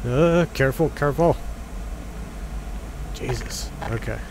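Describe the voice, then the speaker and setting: A young man riffs through casual gameplay commentary, joking and chatting with the characters on screen. His voice is gravelly and his speech slow. Clear game sounds run behind him. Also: medium pitch. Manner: jokey, chatty, talks to enemies. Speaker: let's play gamer. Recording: game noise under voice.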